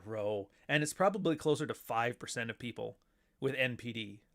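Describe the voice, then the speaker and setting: A man hosts a casual podcast and rants about whatever is on his mind. He is sarcastic and profane, and he talks at an everyday middle pitch. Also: normal speed, a bit bright. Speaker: podcast host. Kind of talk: casual livestream rant.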